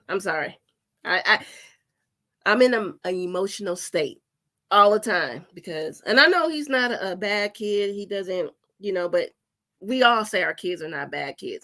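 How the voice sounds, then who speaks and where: A woman host, talking emotionally in casual commentary, animated and repeating herself. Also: medium pitch. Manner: animated, repeats herself, apologizes, acts out relatives' voices.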